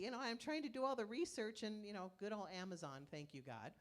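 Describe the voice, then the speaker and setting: A woman's voice: medium pitch, animated, fast talker. A woman minister giving a conversational sermon in a church, telling stories and acting out inner voices. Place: church sanctuary.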